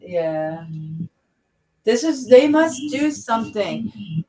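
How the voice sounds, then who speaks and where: A woman hosting a casual livestream chat, rambling with many halting restarts. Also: on the high side, sing-song, crowd noise. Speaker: livestream host. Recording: distant mic with faint noise.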